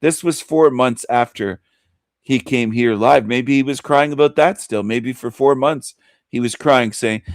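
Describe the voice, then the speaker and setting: A man's voice: medium pitch, unhurried, no echo, clean studio sound. A man hosting a show, giving mocking commentary in a sneering, ranting way that repeats itself. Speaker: host.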